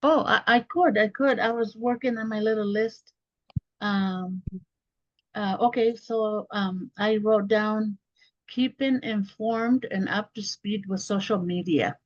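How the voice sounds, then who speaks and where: A woman's voice: medium pitch, steady tone, slow, no echo, muffled recording. A woman joining a video call workshop, apologetic and reading items from her list. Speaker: workshop participant. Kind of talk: casual video call chat.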